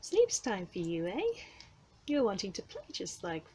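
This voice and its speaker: A young woman who keeps a cattery, chatting softly to the cats in a gentle, cooing way and often dropping to a whisper. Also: mid-range voice, huge pitch swings, normal speed, slight background noise, poor audio. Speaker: cattery keeper. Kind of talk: soft chat to cats. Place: indoor cattery. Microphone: handheld camera. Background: faint purring and cattery ambience.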